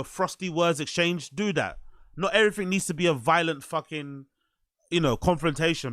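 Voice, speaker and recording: A man's voice: fairly high pitch, fairly bright tone, no room sound. A man hosting a stream, reacting to a podcast clip with incredulous, mocking, profane commentary. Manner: incredulous, mocking, swears a lot.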